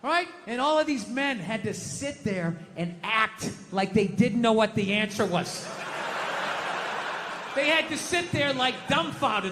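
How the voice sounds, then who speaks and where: A man doing stand-up comedy, telling stories in a shouting, profane rant and putting on mock voices, on a comedy stage. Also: very high voice, unhurried. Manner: animated storytelling with mock voices. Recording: echoey live venue with audience noise.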